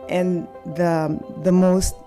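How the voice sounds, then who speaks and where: A Filipino woman in her sixties gives an acceptance speech in a slightly low voice. She speaks earnestly and haltingly, pausing often and restarting her sentences. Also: little pitch movement, over music. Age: 60s. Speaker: award recipient.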